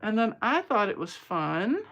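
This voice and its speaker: Her medium-pitched, sing-song voice moves at a measured pace over a noisy background. This Atlanta-area woman from the US jokes around with her audience as she demonstrates card-making on a live stream.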